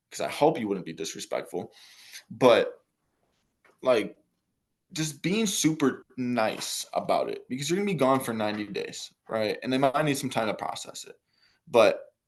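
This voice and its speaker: A young man giving a casual, motivational coaching talk on a business call, full of fillers and repetition. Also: mid-range voice.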